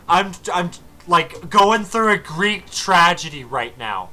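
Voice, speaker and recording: A man's voice: sits high, lively intonation, takes it slowly, bright, forceful tone. A young man giving casual, exasperated commentary over his strategy game footage, swearing freely as he walks through a match. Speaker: gaming commentator.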